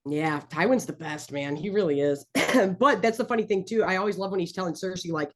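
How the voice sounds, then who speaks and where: Chatty low-voiced woman podcaster. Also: brisk. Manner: enthusiastic, rambling fan talk. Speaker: podcast co-host. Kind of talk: casual chat.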